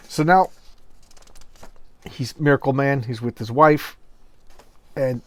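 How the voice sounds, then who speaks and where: A man recaps a comic book in a loose, chatty way, tossing in offhand asides. His pitch is ordinary for a man. The recording is dry, with no room sound. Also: slow pace, pauses often, no echo. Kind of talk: casual retelling of a comic.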